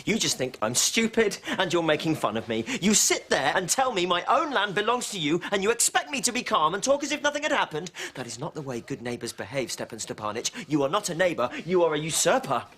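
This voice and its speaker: A woman's voice: on the low side, big pitch swings, quick pace, few pauses, a bit bright, husky, exaggerated voice. A woman playing a nervous, touchy young male landowner in a stage comedy, defensive and indignant. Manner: defensive, indignant, complains of ailments.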